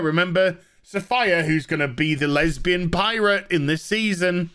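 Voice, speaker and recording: A man's voice: on the high side, normal speed, few pauses, pushed and bright, clean tone. A man ranting through a sarcastic, exasperated TV episode review, mocking the characters as he recounts the plot.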